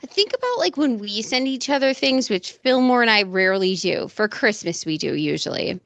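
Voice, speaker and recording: A woman's voice: on the high side, animated, normal speed, a bit bright, no room sound. A woman co-hosting a casual podcast, talking in an emphatic, exasperated way. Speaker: podcast co-host.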